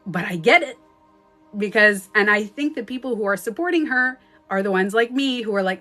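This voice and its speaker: Canadian woman talking live off her phone, gets loud and animated, bit of music behind. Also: mid-range voice, normal speed. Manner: animated, with sudden loud outbursts. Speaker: life coach. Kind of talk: casual livestream talk. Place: at home, streaming live.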